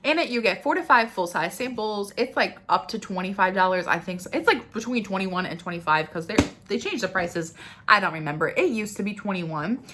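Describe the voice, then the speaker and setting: A young woman vlogging a beauty unboxing, gushing and tearful with excitement, talking straight to the camera. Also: mid-range voice, brisk, noisy background.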